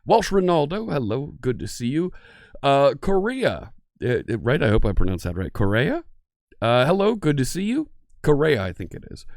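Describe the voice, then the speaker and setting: A man's voice: mid-range voice, huge pitch swings, moderate pace, darkish tone, no room sound, studio quality. Chatty man hosting a live stream. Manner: chatty, greets viewers one by one. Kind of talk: casual live-stream chat.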